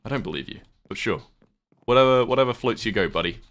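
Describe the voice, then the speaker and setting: A man's voice: mid-range voice, expressive, quick pace, fairly bright tone. A British man chatting casually on a livestream while gaming, rambling, swearing offhand and thanking viewers. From United Kingdom.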